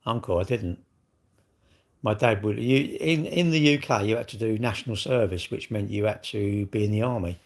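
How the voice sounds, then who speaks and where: Husky rambling British man. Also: lowish voice, moderate pace. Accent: British English. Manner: rambling, chatty, answers viewer questions aloud. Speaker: livestream host answering chat. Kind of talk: casual chat.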